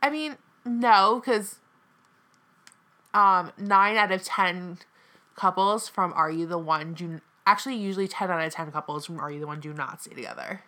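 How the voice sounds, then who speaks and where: Bright-voiced chatty woman. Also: on the low side, moderate pace. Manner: chatty and dramatic, frequent "like". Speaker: co-host. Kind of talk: casual podcast chat.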